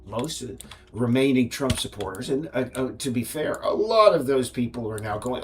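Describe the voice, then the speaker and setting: Ranting man with a lively voice. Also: mid-range voice, moderate pace, slight background noise. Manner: ranting, with frequent restarts and fillers. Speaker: game developer streamer. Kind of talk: casual rambling livestream.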